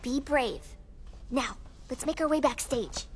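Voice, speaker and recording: A woman's voice: high voice, measured pace, husky. A woman voicing a brave, bossy girl sleuth in an audio drama. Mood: determined. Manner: firm, no-nonsense. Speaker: narrator.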